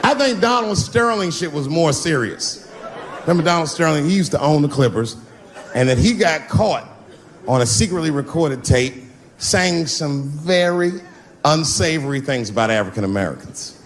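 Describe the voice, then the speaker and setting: A middle-aged male comedian on stage, talking in a loose, swaggering way with swoops between high outbursts and low asides. His voice sits slightly high and moves a lot. The recording is a live stage show with loud audience laughter and clear background noise throughout. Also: expressive, normal speed, some chatter behind. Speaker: stand-up comedian. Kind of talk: stand-up set. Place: large theater with audience.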